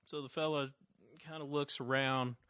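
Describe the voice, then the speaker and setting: A man narrating a tabletop game as game master, relaxed, with many fillers and restarts. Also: mid-range voice, moderate pace, clear, resonant tone, no echo, studio quality.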